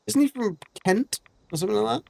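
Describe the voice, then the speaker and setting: A man's voice: high voice, animated, a little fast, gravelly, dark tone. Chatty man streaming a game. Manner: chatty, rambling, many ums and restarts. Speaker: gaming streamer. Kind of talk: casual gameplay commentary.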